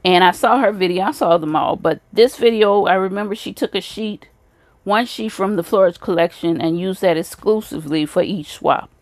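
A woman talks in a relaxed show-and-tell way, praising each craft piece she picks up. Her voice sits at an ordinary middle pitch. The sound is close and dry, with no room around it. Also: moderate pace, no echo. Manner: gushing, repeats praise often. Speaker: craft video host. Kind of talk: casual show-and-tell of craft swap items.

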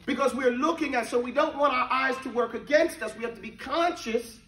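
A man with a very high, bright voice teaches a class. He keeps checking in with his students and sometimes chants a verse for them. He is picked up from across an echoey room. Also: fairly quick, a little hiss or hum. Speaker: religious teacher. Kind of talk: interactive classroom lesson. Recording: echoey room from a distant mic.

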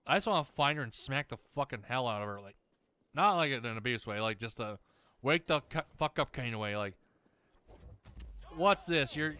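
A man's voice: pushed and bright, clean tone, no echo. Ranting profane gamer guy. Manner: profane, ranting, mocking others in shrill voices. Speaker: let's play host. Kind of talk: angry rant over gameplay.

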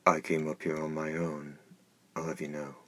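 A man's voice: very deep voice, monotone, moderate pace. A man reading the lines of a frightened, defiant young village woman in an audiobook, protesting and pleading.

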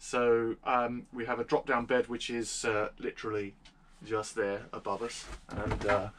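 A man's voice: mid-range voice, measured pace. A man giving a casual, matter-of-fact tour of his motorhome from inside it, with a fair number of ums and uhs. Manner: steady, matter-of-fact, with hesitant fillers. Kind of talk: casual video walkthrough.

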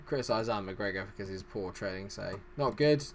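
A man's voice: low voice, steady tone, fast, slight background noise. A man hosting a gaming channel, giving rambling, self-deprecating let's-play commentary.

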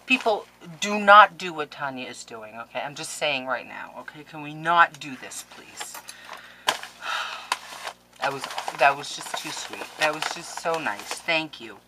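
A woman's voice: low-pitched, animated, a little slow, sharp tone, a little hiss or hum, rough recording. A woman in her forties chatting casually to viewers while opening mail, effusive and emotional, with frequent exclamations. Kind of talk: casual chat. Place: home craft room.

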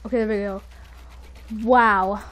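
A woman giving excitable live commentary while playing a video game, jumping between panicked outbursts and quiet muttering. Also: mid-range voice, a little slow, a little hiss or hum. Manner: says "dude" and "frick" a lot. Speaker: gaming video creator.

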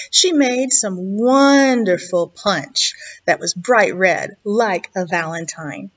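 A woman, a children's librarian, reading a story aloud at a virtual storytime in an expressive, slow, sing-song way. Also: medium pitch. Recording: dull lo-fi online video recording.

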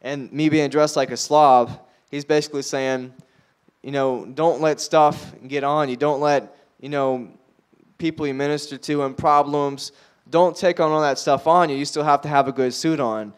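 Young male preacher, a bit high-voiced, earnest storyteller acting out the dialogue of his stories. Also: steady tone, normal speed, clear, resonant tone. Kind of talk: sermon. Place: church.

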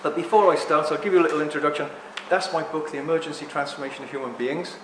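A man giving a rambling, joking live talk to an audience, speaking loudly without a microphone. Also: a little high, fairly even intonation, fast. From Greek heritage. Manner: jokey, rambling, loud. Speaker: guest speaker. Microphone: no microphone, room recording. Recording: echoey room with background noise.

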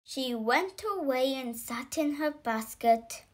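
A woman reading a children's picture book aloud, slow and expressive, lifting into little voices for the characters. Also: high-pitched. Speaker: storybook reader.

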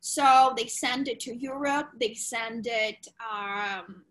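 High-voiced woman telling her story. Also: slow pace, poor audio. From Ukraine. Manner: animated, frank, swears casually, non-native grammar. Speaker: podcast guest. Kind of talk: candid personal storytelling.

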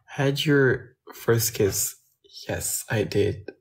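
A man's voice: mid-range voice, steady tone, measured pace, long pauses, a little mellow. A young man with a Belgian French accent, reading viewer comments aloud on a phone live stream and answering them casually in English and French.

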